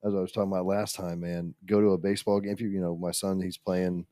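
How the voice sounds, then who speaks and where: A man's voice: low-pitched, flat delivery, fast talker, dark tone, no room sound. A man in his forties chatting easily on a podcast, chatty and meandering. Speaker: podcast guest. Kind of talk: casual chat. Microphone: studio mic.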